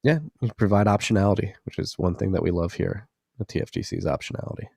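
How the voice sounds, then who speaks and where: Male podcast co-host with a low, gravelly voice; dry close sound; rambling, swears freely. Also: fast talker, a little mellow, no room sound. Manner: loose, rambling and profane. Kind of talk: casual podcast chat.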